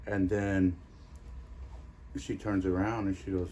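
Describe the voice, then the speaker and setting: A man's voice: deep voice, level tone, slow pace, long pauses, darkish tone, slight background noise. A man who investigates the paranormal, telling a story in an interview in a rambling way.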